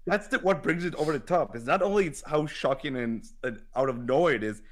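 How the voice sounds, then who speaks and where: A man's voice: a little high, a little fast. A man in casual chat about anime, enthusiastic and loose, swearing now and then.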